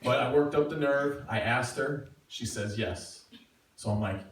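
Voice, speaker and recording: Brief: middle-aged man, mid-pitched, self-mocking storyteller, recorded far off in a very echoey room. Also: measured pace, over music. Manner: self-mocking, animated, acting out quotes. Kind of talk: live personal storytelling. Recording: echoey room, far from mic, faint noise.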